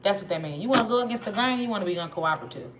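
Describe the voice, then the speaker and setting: A woman's voice: mid-range voice, expressive, racing. A woman with a Southern accent giving a casual tarot reading, chatty and slangy, talking straight to her viewers. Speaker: tarot reader. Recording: noisy with clicks.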